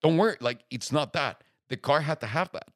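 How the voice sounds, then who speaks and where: A man's voice: mid-range voice, normal speed, dry recording. Young guy telling a wild story, swearing a lot, doing the other people's voices, dry mic sound. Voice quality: animated storyteller, swears freely, acts out quoted voices. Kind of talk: casual chat.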